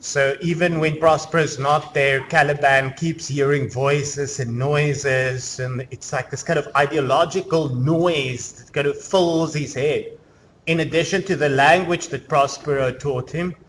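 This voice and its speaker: Chatty male lecturer, slightly high voice. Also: steady tone, unhurried, a bit bright, slight background noise. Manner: conversational, explaining with many fillers. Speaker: university lecturer. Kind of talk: classroom lecture. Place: lecture room.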